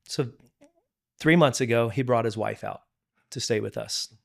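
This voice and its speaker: A man's voice: mid-range voice, a little slow, vocal fry. A middle-aged man, a pastor, telling a personal story of forgiveness in a candid, earnest way, often restarting and repeating words. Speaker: pastor and podcast guest. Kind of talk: candid testimony in conversation.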